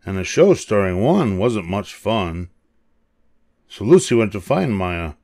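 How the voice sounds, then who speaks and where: An older man reading a children's picture book aloud, expressive and animated. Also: lowish voice, a little slow, no room sound, studio quality. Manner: expressive, animated voices for characters. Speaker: storybook reader.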